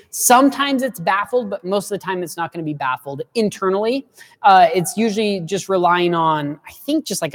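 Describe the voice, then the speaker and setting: A man co-hosting a live stream, chatting casually and answering viewer questions with an excitable, jokey manner. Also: sits high, in a large hall. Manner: excitable, jokey, puts on silly voices. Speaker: livestream co-host.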